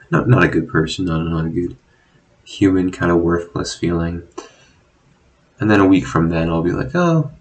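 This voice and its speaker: A young man talking casually in a rambling, self-deprecating monologue, swearing often and filling pauses with "like" and "um". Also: deep voice, vocal fry, poor audio. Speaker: vlogger. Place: at home, drinking.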